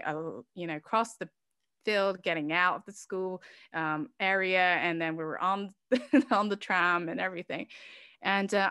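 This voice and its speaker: A middle-aged woman sharing a personal story in an interview, speaking candidly and with feeling. Her voice sits fairly low for a woman. The sound is dry and close, with no room around it. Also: a bit bright, clear, resonant tone, no echo. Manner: candid and emotional, with many fillers and restarts. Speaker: interview guest, organization founder.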